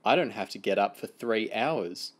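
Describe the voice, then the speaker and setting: A man's voice: fairly low pitch, lively intonation, normal speed. A man reading aloud and voicing a smug, giggly girl who teases and bosses. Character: smug girl, teasing and bossy.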